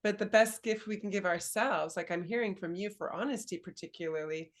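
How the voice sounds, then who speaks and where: A woman coach in an easygoing conversation, her voice sitting at an ordinary middle pitch. She talks reflectively, pausing to find the right words and laughing lightly along the way. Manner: thoughtful, searching for words, gently laughing. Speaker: dating and embodiment coach, host. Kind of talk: casual conversational interview.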